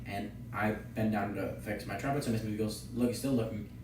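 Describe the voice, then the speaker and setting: A man co-hosting a podcast, telling a story in a casual, animated way, laughing often and acting out the quotes. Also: on the low side, a little fast, background noise. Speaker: podcast co-host. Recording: echoey room, distant from mic.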